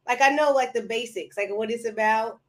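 A woman's voice: a little high, a little fast. Easygoing woman podcast guest. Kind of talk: casual podcast interview.

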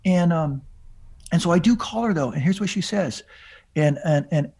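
A man's voice: on the high side, moderate pace, creaky, darkish tone, breathy edge. A man with a slightly raised voice tells his story on a podcast. He rambles, restarting and repeating words as he goes. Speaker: podcast guest. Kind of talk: storytelling in casual chat.

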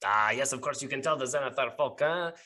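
A man voicing a stern, suspicious woman guard captain who speaks with clipped, foreign-sounding phrasing and ends questions with a sharp "huh?". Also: mid-range voice, fairly quick, natural voice. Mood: conspiratorial.

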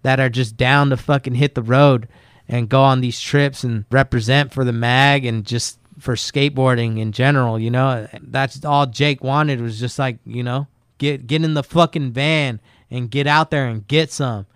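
A man's voice: medium pitch, fairly even intonation, normal speed, a bit bright, clear, resonant tone, no echo, clean studio sound. A man talking casually on a podcast, laid-back and rambling, swearing a lot as he tells skate stories. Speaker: guest skateboarder.

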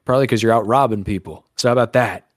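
A man's voice: medium pitch, racing, dry recording, studio quality. A man co-hosting a podcast, rambling and joking crudely in casual banter. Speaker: podcast co-host.

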